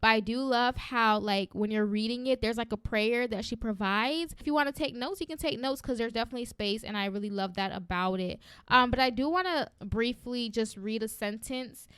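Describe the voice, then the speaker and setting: A woman hosting a faith podcast, talking in an energetic, encouraging and conversational way and often checking in with "right?". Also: fairly high pitch, normal speed, hardly any pauses, clear, resonant tone, no room sound, clean studio sound. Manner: encouraging and preacherly. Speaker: podcast host.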